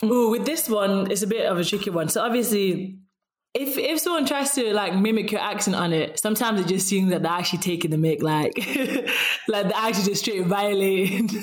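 A woman's voice: mid-range voice, lively intonation, a little fast. A young woman from Zimbabwe with a Sheffield accent, a podcast guest chatting casually and animatedly, laughing often and saying "like" a lot. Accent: Sheffield English. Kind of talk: casual conversation.

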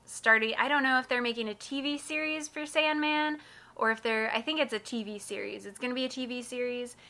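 A woman's voice: fairly high pitch, steady tone, fairly quick, bright, forceful tone. A woman co-hosting a podcast in casual chat, playful and teasing. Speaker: podcast co-host.

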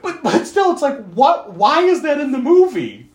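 A podcast co-host recapping a horror movie in casual chat, animated and profane, often laughing. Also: moderate pace. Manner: animated, profane, laughing, with sudden pitch jumps. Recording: roomy echo.

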